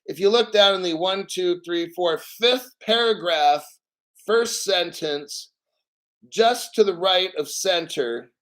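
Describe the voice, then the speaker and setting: A man hosting a crypto video channel, talking in a brash, profane, jokey way and stressing words by saying them slowly. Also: high-pitched, fairly bright tone. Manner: emphatic, repeats words slowly. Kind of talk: casual crypto vlog commentary.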